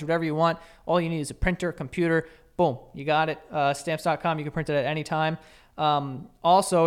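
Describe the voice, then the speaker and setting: Young guy podcast cohost, kinda high smooth voice, laughs a lot, swears casually. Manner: animated storyteller, laughs often, swears casually. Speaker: podcast co-host. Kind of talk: casual chat and ad reads.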